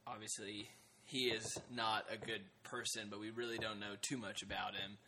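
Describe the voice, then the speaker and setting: A man's voice: on the low side, little pitch movement, moderate pace, background noise. A man co-hosting a casual TV discussion podcast, talking hesitantly with many fillers and restarts. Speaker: podcast co-host.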